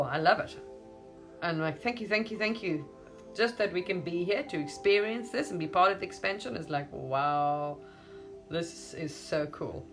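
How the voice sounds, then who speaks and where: A woman with a fairly low, fairly bright voice plays a spiritual teacher in a rambling monologue. She gushes throughout, saying "wow" and "amazing" again and again, and laughs often.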